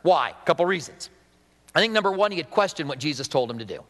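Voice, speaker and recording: A pastor with a high, bright-edged voice preaches a sermon quickly, with lively intonation, talking with the congregation conversationally and asking them questions. A long reverb carries his words, as in a big hall.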